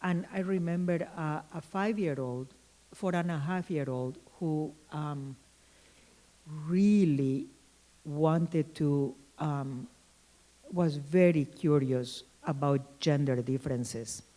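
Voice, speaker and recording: Slow, mellow woman giving a lecture. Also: deep voice, low-quality recording. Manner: thoughtful, pauses with ums and restarts. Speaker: keynote speaker. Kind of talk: conference lecture with anecdotes.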